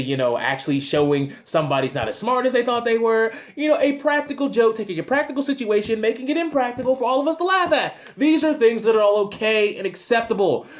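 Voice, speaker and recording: Guy with a really high voice ranting loud and annoyed on his show, cussing a lot. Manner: loud, exasperated, swearing, acting out little scenes. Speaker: host of a commentary show. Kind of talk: angry comedic rant.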